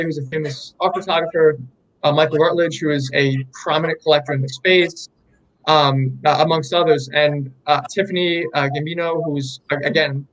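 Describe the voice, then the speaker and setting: A young man in a candid interview, telling his story with eager enthusiasm and plenty of ums and restarts. His voice sits a little higher than most men's. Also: low-quality recording. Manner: enthusiastic, rambling storytelling with many fillers. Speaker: artist guest.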